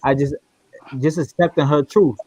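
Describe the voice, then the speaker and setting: A man's voice: fairly high pitch, steady tone, normal speed, warm tone, slightly rough, dry recording. Talk it through as an emphatic man, repeating yourself, close and dry on the mic. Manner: emphatic, repeats himself, stammering restarts. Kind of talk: casual group audio chat.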